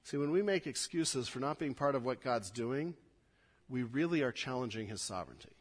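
A male pastor teaching a sermon through scripture, starting over on words and swinging from emphatic to soft. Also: medium pitch, expressive, brisk, husky. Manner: expository, with repeated restarts, rising emphatic then dropping quiet.

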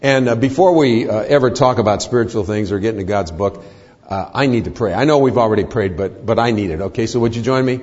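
An older man speaking as a guest in church, a folksy storyteller who jokes between serious points, with a husky voice. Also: on the low side, fast, darkish tone. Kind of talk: church talk with humor. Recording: muffled church hall reverb.

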